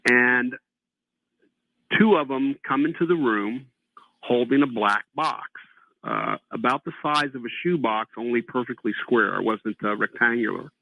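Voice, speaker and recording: On a tinny phone line, a man calls in to tell a host a long personal story about an abduction, acting out the dialogue he remembers. His mid-range voice is unhurried with vocal fry, and there's no room sound.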